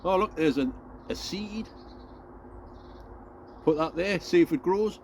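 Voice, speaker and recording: A man with a high voice chats away outdoors on his allotment, rambling off topic and chuckling at himself as he talks to his viewers. Faint outdoor noise and the odd passing vehicle sit behind him. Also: lively intonation, takes it slowly, creaky, a little mellow. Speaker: allotment gardening vlogger. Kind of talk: casual chat to camera.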